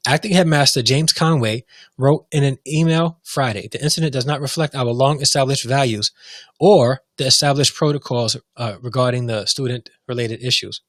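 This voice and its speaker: A man's voice: mid-range voice, moderate pace, a bit bright, dry recording. Fired-up man ranting into a dry mic. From United States. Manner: heated, repetitive, restarts often. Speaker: show host. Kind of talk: impassioned commentary.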